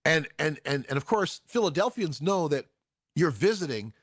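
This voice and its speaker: A man's voice: fairly high pitch, normal speed, breathy edge, no echo, clean studio sound. A man in his sixties from Chicago, hosting a show and telling stories casually, laughing often and restarting his sentences. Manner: animated, laughing, full of restarts. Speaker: show host. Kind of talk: casual storytelling.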